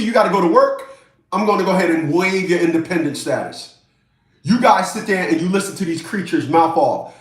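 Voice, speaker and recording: A man ranting in a commentary vlog, animated and mocking, repeating himself for emphasis. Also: high voice. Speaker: YouTube commentator. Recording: roomy echo.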